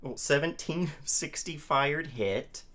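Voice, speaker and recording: A slow-talking male player in a tabletop game. He describes his character's actions carefully and deliberately, at an unhurried pace. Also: fairly high pitch, a bit bright.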